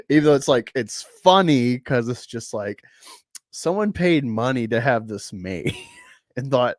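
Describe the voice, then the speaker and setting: Slow talking cohost laughing at a dumb comic, voice bounces around, no room echo. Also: medium pitch, lively intonation, clean studio sound. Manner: laughing, mocking. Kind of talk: casual review chat.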